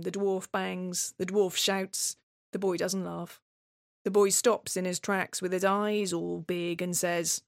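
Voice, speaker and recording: Wary woman in slow monologue. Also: mid-range voice, fairly even intonation, no room sound, clean studio sound. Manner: tense, wary, obsessive retelling. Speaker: playwright and solo performer. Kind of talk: scripted dramatic monologue.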